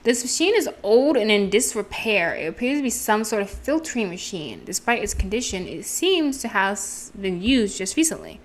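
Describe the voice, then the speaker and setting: A woman's voice: mid-range voice, very animated, normal speed, few pauses, slight background noise. A woman streaming a game, reading its text aloud and chatting with self-deprecating asides. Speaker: gameplay streamer. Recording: game music playing behind.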